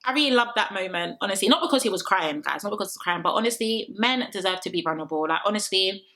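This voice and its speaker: Sassy opinionated young woman, bright voice. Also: medium pitch, animated, quick pace. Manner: opinionated, sassy, quotes people in mock voices. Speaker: reality show recap vlogger. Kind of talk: chatty recap to camera.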